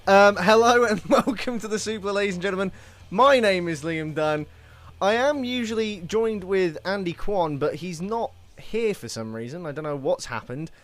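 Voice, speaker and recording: A man's voice: high-pitched, lively intonation, normal speed. A young man hosting a casual podcast, joking and rambling in a loose, chatty way. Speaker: podcast host.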